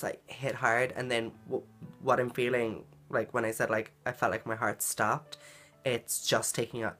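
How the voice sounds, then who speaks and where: A woman's voice: rumbling low, fairly bright tone. Woman, casual storytime vlog, earnest, filler-heavy talk, faint guitar in the background. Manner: chatty, filler-heavy, frequent "like" and "um"; earnest and emotional in retelling. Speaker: vlogger.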